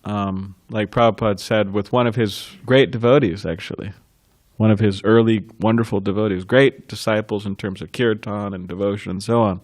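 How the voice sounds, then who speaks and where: Low-voiced man telling a story, chuckling. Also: fairly even intonation, darkish tone, no echo, studio quality. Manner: chuckles often, halting with many restarts. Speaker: devotional class speaker. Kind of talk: reminiscing in a scripture class.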